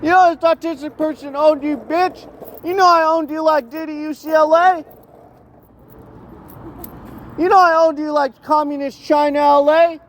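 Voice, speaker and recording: A young man putting on a shrill, much higher voice as a taunting tough guy, shouting insults. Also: lively intonation, fast talker, few pauses, slight background noise.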